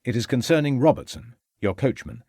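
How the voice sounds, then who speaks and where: A man's voice: mid-range voice, animated, warm tone, dry recording, clean studio sound, voice pushed up, lightly acted. A man voicing a determined male police inspector who speaks firmly and assertively. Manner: firm, assertive, measured.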